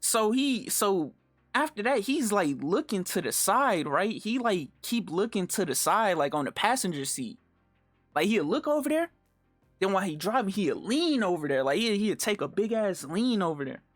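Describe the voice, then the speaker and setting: Young male storyteller, slangy and animated, close dry mic, faint game music behind. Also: sits high, moderate pace, no echo. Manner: slangy, animated, lots of fillers and swearing. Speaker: storytime vlogger. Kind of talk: casual storytelling.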